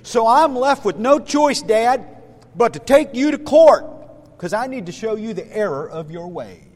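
A man's voice: very high-pitched, slow, long reverb tail, voice pushed up. A man voicing a whiny, impatient little boy on a long car trip, nagging and repeating himself in a sermon. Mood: stern.

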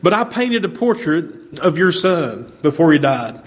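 A man's voice: a little high, big pitch swings, unhurried, a little hiss or hum. A man voicing a modest young soldier who speaks earnestly and hesitantly.

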